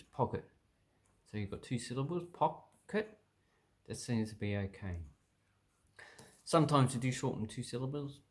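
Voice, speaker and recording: An Australian man casually explaining words from a dictionary, thinking aloud with many pauses and restarts. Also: fairly low pitch. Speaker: language vlogger.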